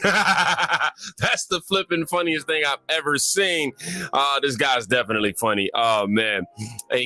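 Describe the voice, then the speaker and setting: A man's voice: fairly low pitch, bright, forceful tone. A man co-hosting a casual reaction commentary in a chatty way, laughing and reading viewer comments aloud. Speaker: co-host.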